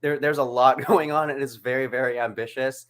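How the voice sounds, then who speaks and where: A co-host in casual chat, animated and quick to laugh, leaning on "like" as a filler. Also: mid-range voice. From United States. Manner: animated, laughs often, leans on "like".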